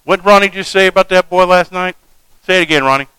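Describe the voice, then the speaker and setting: A man's voice: sits high, fast, bright, forceful tone, smooth, dry recording, rough recording. A man preaching a sermon, reading scripture and breaking off into folksy, joking asides.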